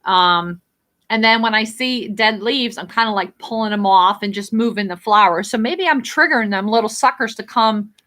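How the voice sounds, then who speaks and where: A woman's voice: a little high, bright, forceful tone. A woman from New Jersey with a Jersey accent, hosting a casual live stream where she answers viewer comments in a blunt, rambling way and swears freely. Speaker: livestream host.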